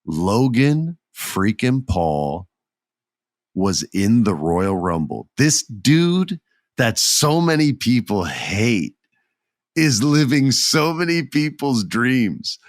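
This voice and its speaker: A man's voice: mid-range voice, big pitch swings, slow, no echo, clean studio sound. A middle-aged man hosting a podcast, chatting enthusiastically and animatedly about wrestling. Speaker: podcast host. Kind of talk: casual wrestling commentary.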